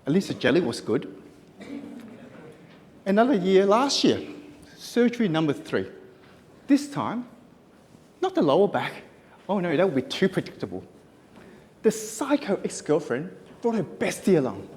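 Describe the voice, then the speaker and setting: His voice sits high and darkish, moving in a sing-song way at a moderate pace with frequent pauses. On a conference hall stage he gives a comic contest speech, punchy and self-mocking with sharp timing, in echoey acoustics.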